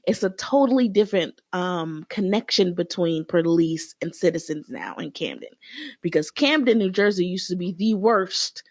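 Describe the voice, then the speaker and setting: A woman's voice: on the low side, lively intonation, moderate pace, a little mellow, no echo, clean studio sound. A woman guest on a faith-based podcast, talking earnestly and persuasively.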